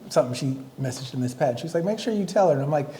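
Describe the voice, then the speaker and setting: A man's voice: a little high, expressive, very fast, mellow. A man co-hosting a podcast, telling stories from his tours in a casual, reflective way with some swearing. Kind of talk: casual chat. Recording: echoey room.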